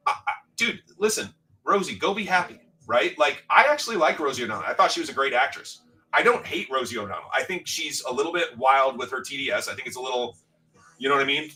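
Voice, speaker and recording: A man's voice: mid-range voice, animated, quick pace, sharp tone. A man hosting a livestream in casual chat, rambling and swearing as he reads out viewers' comments. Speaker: livestream host. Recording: distant mic with faint background music.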